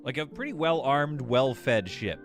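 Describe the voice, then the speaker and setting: A man's voice: mid-range voice, lively intonation, measured pace, soft background music. A man streaming a game live, rambling and joking as he thinks aloud while building. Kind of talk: casual live gameplay commentary.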